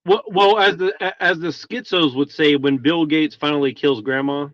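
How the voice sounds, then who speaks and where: Brief: thoughtful, halting man, mid pitch, dry and slightly muffled. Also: a bit bright, no room sound. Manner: hesitant, thoughtful, with many restarts. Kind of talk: casual reflective chat.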